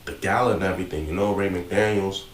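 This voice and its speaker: A man talking casually and calmly in a church building. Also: low-pitched, quick pace. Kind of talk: casual chat. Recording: roomy, distant mic, faint background noise.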